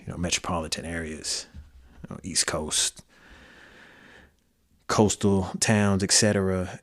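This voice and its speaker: Man, Midwestern accent, very deep pitch, casual solo podcast talk, slang and fillers. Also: fairly bright tone. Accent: Midwestern American. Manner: loose, conversational, with slang and fillers. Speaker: podcast host.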